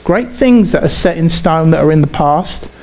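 A man's voice: on the high side, expressive, a little mellow. English preacher repeating his phrases. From England. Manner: conversational, halting, repeats phrases. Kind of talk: sermon.

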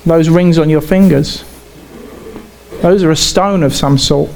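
A man with an English accent preaching a sermon in a conversational way, halting and often repeating himself. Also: on the high side, gravelly, darkish tone, slight background noise. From England.

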